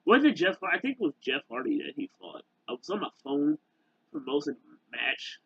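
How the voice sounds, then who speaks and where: A man ranting casually to camera in a halting, rambling way full of fillers and restarts. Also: a little high, big pitch swings, gravelly, fairly bright tone, slightly rough, dry recording, lo-fi sound. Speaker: YouTuber.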